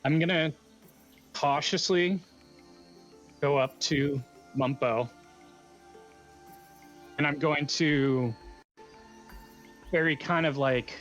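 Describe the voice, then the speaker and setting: A man playing a tabletop game, talking in a relaxed, hesitant way with fillers. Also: a little high, slow pace, long pauses, dull audio, faint music behind. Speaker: player. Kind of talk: casual tabletop play.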